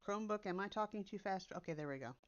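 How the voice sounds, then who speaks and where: A woman content creator chats casually in a mid-range voice at a quick pace, blunt and direct, swearing casually. She's on her computer's built-in mic rather than her usual one, so the sound is dull and lo-fi.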